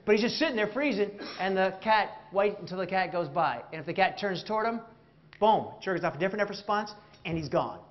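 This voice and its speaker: A man giving an interactive motivational keynote on stage, animated and jokey, asking the audience questions. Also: high-pitched, quick pace, dull audio. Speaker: keynote speaker. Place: stage before a live audience.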